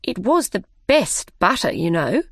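A grumpy, stubborn male hare from a storybook who speaks bluntly and insists on his point, as a woman reading aloud puts him on. His lines come slow and a bit louder than the narration. The recording is dry and close. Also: mid-range voice, sing-song, dry recording.

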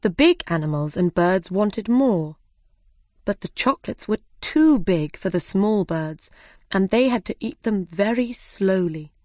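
A woman narrating a children's storybook with a slow, simple, careful reading. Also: medium pitch, expressive, a little mellow, dry recording, clean studio sound.

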